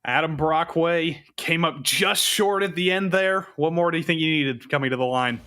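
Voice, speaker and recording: A man's voice: fairly high pitch, normal speed, pushed and bright, smooth. A man interviewing drivers after a race, asking questions in a playful, upbeat way. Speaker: pit reporter interviewing drivers.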